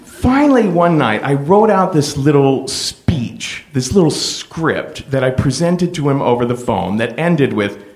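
A middle-aged man hosting a podcast, telling a personal story in a playful, animated way. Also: medium pitch, unhurried, hardly any pauses. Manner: animated, playful, full of impressions. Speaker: podcast host.

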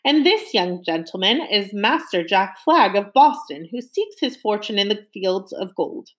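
A woman's voice: medium pitch, sing-song, a little slow. Woman doing a courteous, formal butler. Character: polite, unflappable male butler.

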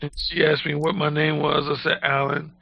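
A man with a gravelly voice, a guest telling a blunt, boastful, crude story in casual talk. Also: a little high, monotone, a little fast. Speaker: dating advice guest. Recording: dull lo-fi audio.

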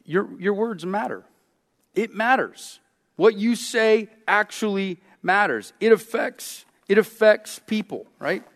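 A man's voice: on the high side, in a large hall. A man preaching a sermon in a casual, conversational way, often checking in with his listeners. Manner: conversational preaching with frequent "right?" asides. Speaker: pastor.

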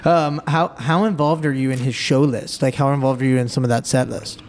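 A man hosting a podcast interview, asking questions haltingly with frequent restarts. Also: mid-range voice, steady tone, a little hiss or hum. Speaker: podcast host.

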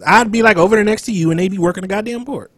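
A young man, joking loudly and then dropping low as a podcast co-host. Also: very fast, no room sound. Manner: animated, joking, swings loud and soft. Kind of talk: casual podcast chat.

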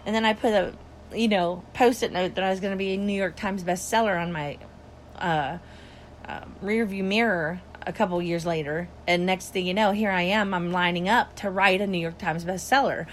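A woman talking alone to her viewers in a rambling, animated monologue, often laughing. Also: fairly low pitch, moderate pace, slight background noise. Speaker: spiritual vlogger. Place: alone indoors.

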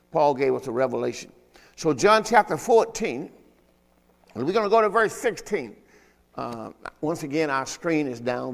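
A man's voice: on the high side, creaky, in a large hall. A man preaching a sermon as pastor, emphatic and often checking that the congregation understands. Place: church service.

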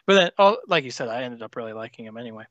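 Fast-talking man, dry close sound. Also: mid-range voice, animated, no echo, lo-fi sound. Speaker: podcast co-host. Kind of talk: casual movie review chat.

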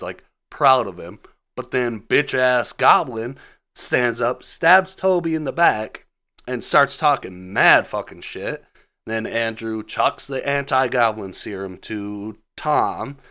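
A man's voice: fairly low pitch, bright, forceful tone. A man casually recapping a film on his podcast, laid-back and full of swearing. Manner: profane, laid-back storytelling. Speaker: podcast host.

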